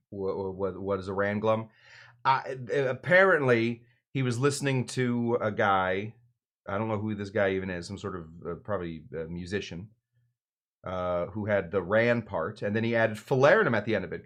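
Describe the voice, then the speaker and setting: Rambling low-voiced man hosting a cocktail show. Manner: rambling, filler-heavy, self-deprecating joking. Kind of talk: casual livestream cocktail demo. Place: home bar in Los Angeles.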